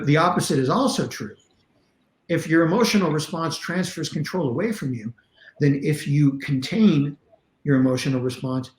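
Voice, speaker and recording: In an echoey, roomy recording, a man with a somewhat high voice teaches self-defense principles on a podcast where he's a guest. A martial arts instructor and coach, he speaks animatedly and bluntly, with emphatic examples driving each point home.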